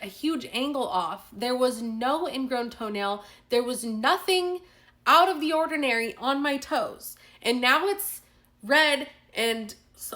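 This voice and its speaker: A woman vlogger telling a storytime vlog, animated and indignant, with lots of "like" and restarts. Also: high-pitched. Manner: animated, indignant retelling with many fillers.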